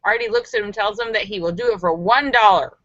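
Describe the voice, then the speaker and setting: A woman hosting a live stream, reading viewers' jokes aloud and acting out the voices with giggly, animated delivery. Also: fairly high pitch, fast, creaky, no room sound, highs cut off. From Los Angeles area.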